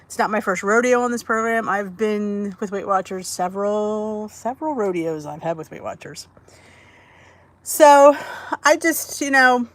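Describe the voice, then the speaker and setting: A woman's voice: medium pitch, expressive, a little slow. A woman hosting a casual livestream from her phone indoors, chatting and greeting viewers by name. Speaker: livestream host.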